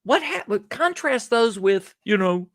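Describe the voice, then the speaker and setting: Brief: male podcast guest, expressive storyteller, very lively pitch, dry close sound. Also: measured pace, no room sound. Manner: animated storyteller who acts out little dialogues. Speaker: podcast guest, gratitude speaker. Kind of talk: conversational podcast interview.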